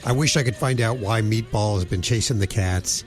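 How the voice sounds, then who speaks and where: A man's voice: fairly low pitch, moderate pace, faint music behind. A man hosting a radio show, chatting casually and reading a sponsor plug.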